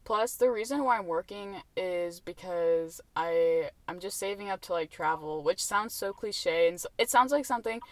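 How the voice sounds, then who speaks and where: A woman's voice: on the low side, normal speed, hardly any pauses, no echo. Young woman host, chatty and rambly, laughs a lot, dry close sound inside a car. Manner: chatty, rambling, laughs often, many fillers. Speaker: podcast host. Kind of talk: casual chat.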